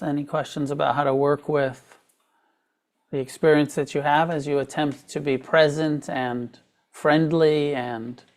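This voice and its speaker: A man teaching meditation to a live group, talking loosely with fillers and restarts, often trailing off quietly. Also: on the high side. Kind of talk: dharma talk to a live group. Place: meditation hall with a live audience.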